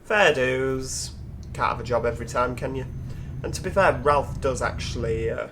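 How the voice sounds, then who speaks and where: A man's voice: mid-range voice, fairly quick, noisy background. A man with a Yorkshire accent hosting casual gameplay commentary, chatty, musing aloud and talking to the other drivers. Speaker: gaming channel host.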